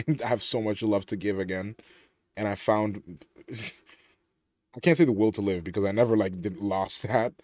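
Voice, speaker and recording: Young male host, lowish voice, dry close sound, rambling and earnest with lots of restarts. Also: normal speed, long pauses, a little mellow, no room sound. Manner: rambling, emotional, with many restarts and "like". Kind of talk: casual heartfelt monologue.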